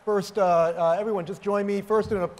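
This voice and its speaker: A man's voice: sits high, fairly even intonation, quick pace. A man hosting a conference Q&A on stage, talking hesitantly with many fillers. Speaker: conference host. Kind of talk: moderating a stage Q&A. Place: large conference hall. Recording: reverberant hall, audience, faint noise.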